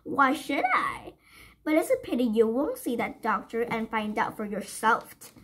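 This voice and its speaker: Grown-up window cleaner, teasing and slow-spoken, husky, voiced by a woman. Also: a little high, very animated, a bit bright, full character voice.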